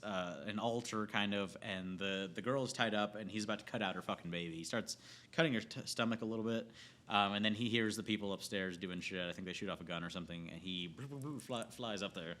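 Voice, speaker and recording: A man's voice: fairly low pitch, steady tone, brisk, bright, forceful tone. A man giving a casual, rambling, profane film rant, often breaking into laughter. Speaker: movie reviewer.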